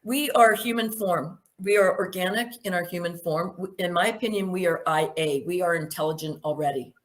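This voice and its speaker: A woman's voice: on the low side, normal speed. Emphatic woman asking rhetorical questions. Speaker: speaker giving a presentation. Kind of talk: spoken presentation with Q&A.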